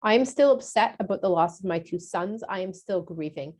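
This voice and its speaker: A woman reads the part of a sorrowful older priest mourning his sons, his words quiet, measured and apologetic. The voice sits a little lower and softer than her usual teaching voice, retelling a story for kids. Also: animated, natural voice. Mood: grieving. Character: grieving older male priest, father, apologetic.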